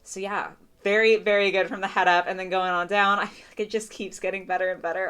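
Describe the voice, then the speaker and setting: A young woman giving a casual, gushing doll review, full of fillers and excited praise. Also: on the low side, brisk, clean tone. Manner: gushing, chatty, lots of "like" fillers.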